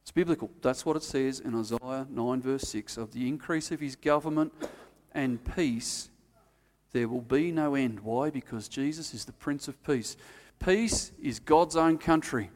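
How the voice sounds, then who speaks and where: A man preaching a sermon, telling a story and acting out the quotes, then dropping to quiet, earnest emphasis. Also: medium pitch, a little slow, big-room sound. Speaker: pastor.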